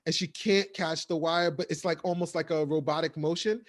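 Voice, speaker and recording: A man's voice: a little high, steady tone, a little fast. A man co-hosting a podcast, casually reviewing a TV episode in a rambling way, with lots of fillers. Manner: rambling, filler-heavy recap. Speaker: podcast co-host.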